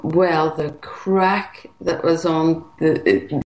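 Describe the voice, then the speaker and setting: A woman's voice: low voice, steady tone, extremely slow, crowd noise. Teasing woman on an echoey line. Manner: teasing, chatty. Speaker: caller. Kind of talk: casual chat.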